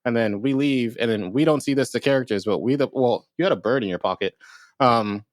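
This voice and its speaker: A man's voice: mid-range voice, brisk, dry recording. A man casually recapping the last session of a tabletop game, telling it with jokes and laughs. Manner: laughing, jokey storyteller. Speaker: player.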